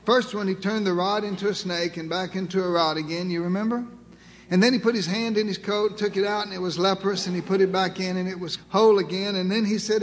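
A man's voice: high voice, normal speed, big-room sound. A man preaching a sermon in a folksy, humorous way, often asking his listeners questions.

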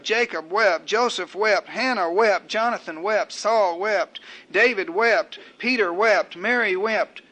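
An older man preaches a sermon in a high, bright voice. His cadences are measured and rhetorical, and he stacks repeated phrases to drive each point home.

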